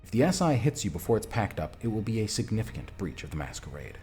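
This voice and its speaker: A man streaming a text adventure game, reading the story aloud and chatting casually about his choices in a lively, self-mocking way. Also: fairly low pitch, fast talker, soft background music.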